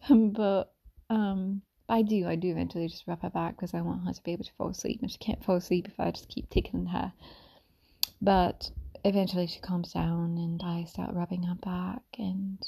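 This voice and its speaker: A woman speaks in a soft-spoken ASMR manner, often dropping to a whisper. Her tone is mellow and dark, with plenty of gravelly vocal fry. She meanders gently, with frequent ums and restarts. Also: lowish voice, level tone, moderate pace. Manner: meandering, with many fillers and restarts. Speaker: mother sharing reflections.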